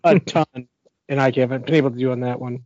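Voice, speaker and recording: A man chatting casually on a podcast panel, answering slowly and thinking aloud as he talks. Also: mid-range voice, fairly even intonation, darkish tone, dry recording, dull audio. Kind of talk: casual chat.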